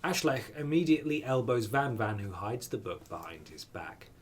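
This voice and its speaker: A man's voice: medium pitch, normal speed, slightly rough. A man streaming a dating game, reading the text aloud with playful, wry asides.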